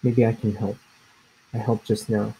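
Man playing earnest young elephant girl, lifted and eager, gravelly edge. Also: fairly low pitch, little pitch movement, measured pace, mellow, slight background noise, poor audio. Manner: eager and raised.

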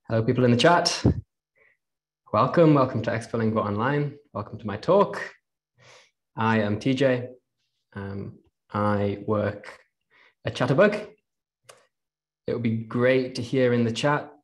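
A young man with a slight Geordie accent, presenting a casual live online talk from his desk and chatting with viewers. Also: fairly low pitch. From England. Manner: chatty, greets the chat with fillers.

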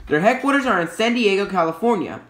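Lively, bright-voiced man in an echoey room. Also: sits high. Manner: playful and jokey, self-correcting with quick apologies. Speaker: YouTube logo history host. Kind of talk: casual explanatory commentary.

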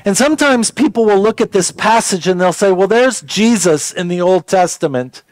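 A man, a pastor giving a conversational sermon that turns to slow scripture reading. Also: sits high, animated, no room sound. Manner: conversational, folksy preaching with repeated words; slows down to read scripture aloud.

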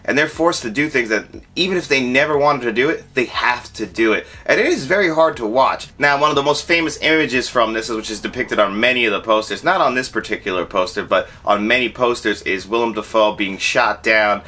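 A young adult man giving a casual spoken film review, animated and acting out his own reactions. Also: medium pitch, fairly quick. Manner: animated, acts out quoted reactions.

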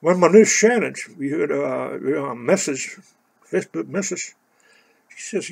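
An older man from California, hoarse, telling a rambling personal story full of "you know". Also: on the high side, expressive, a little slow. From Oakland, California.

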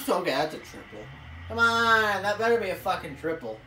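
A woman commentating her own video game play, excitable, swearing and yelling at the screen. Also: medium pitch, normal speed. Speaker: gaming video creator. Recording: echoey room, off-mic, faint hiss.

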